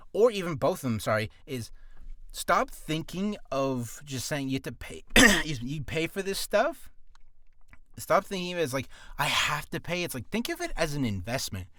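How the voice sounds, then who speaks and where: A man's voice: medium pitch, big pitch swings, moderate pace, a bit bright, dry recording. Goofy rambling man, dry close mic. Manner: goofy, rambling, self-interrupting. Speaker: voice actor vlogger. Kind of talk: casual screen-share vlog.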